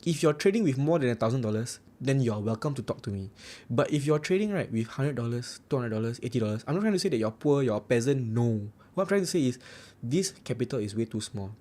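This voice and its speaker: A man's voice: mid-range voice, lively intonation, quick pace, few pauses, mellow. A young man with a Singaporean English accent hosting a casual trading livestream, reading out viewer comments and tagging "right" onto his sentences in a blunt, joking way. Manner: chatty, repeats "right" often, blunt and joking. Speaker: forex trading livestream host.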